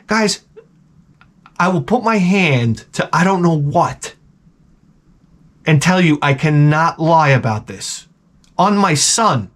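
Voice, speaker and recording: Animated New man ranting. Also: a little high, measured pace, pauses often. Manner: animated, profane, many restarts. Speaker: vlogger. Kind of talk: casual storytelling rant.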